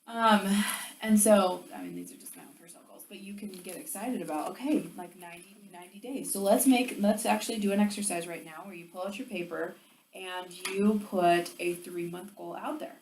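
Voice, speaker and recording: A woman giving a motivational sales training talk, chatty and animated, full of "like"s and acted-out quotes. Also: lowish voice, brisk, slight background noise. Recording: roomy echo, distant mic, faint ambience.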